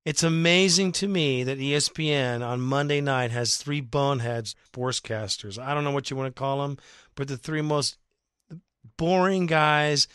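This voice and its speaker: A man hosting a fan podcast, talking in a casual, rambling, excitable way and swearing freely, with his voice going hoarse. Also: mid-range voice, moderate pace, no room sound, studio quality. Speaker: podcast host.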